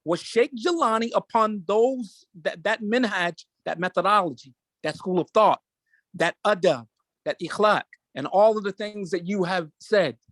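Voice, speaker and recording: A man with a high voice holds forth as host, emotional and insistent. He hammers points home by repeating phrases in a preaching rhythm. The recording is dry, with no room sound. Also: moderate pace, a bit bright, dry recording. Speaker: show host. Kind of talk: impassioned commentary.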